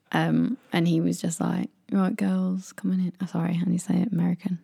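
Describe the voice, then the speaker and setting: A young woman with an English accent chats away, spinning anecdotes and jumping into little voices for the people in them. Her voice sits low and gravelly, with a mellow tone, recorded dry and close. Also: little pitch movement, a little fast, hardly any pauses, dry recording. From England. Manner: chatty storyteller, acts out quotes in raised voices. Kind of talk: casual chat.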